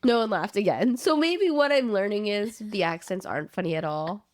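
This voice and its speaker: A woman co-hosting a podcast, telling stories in a casual, joking way with playful voices thrown in. Her pitch sits mid-range, and the sound is dry and close. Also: expressive, moderate pace, no echo. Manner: jokey storyteller who slips into silly voices. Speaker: podcast co-host. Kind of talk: casual chat.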